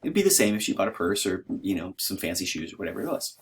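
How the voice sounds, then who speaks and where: A man's voice: low voice, sing-song, fast, husky. A man giving an informal, conversational lecture in a hesitant, self-deprecating way.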